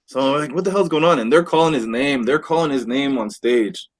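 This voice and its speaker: A man telling a wild story on a casual podcast with friends, animated and swearing, acting out what people said. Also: medium pitch, a little fast. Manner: animated, swears a lot, acts out quotes. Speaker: podcast host. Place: indoor podcast room with friends.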